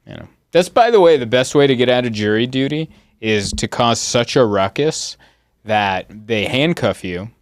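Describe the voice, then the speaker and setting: A man in his thirties hosting a podcast, telling stories in a casual, animated way. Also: mid-range voice, normal speed, no room sound, studio quality. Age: 30s. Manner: animated storyteller, jumps into loud excited voices. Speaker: comedian podcast host. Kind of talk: casual chat.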